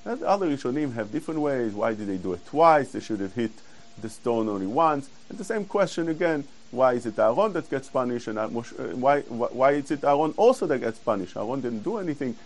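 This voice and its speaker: A man giving a Torah class, explaining verses earnestly and quoting Hebrew quickly. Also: mid-range voice, lively intonation, low-quality recording. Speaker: Torah teacher.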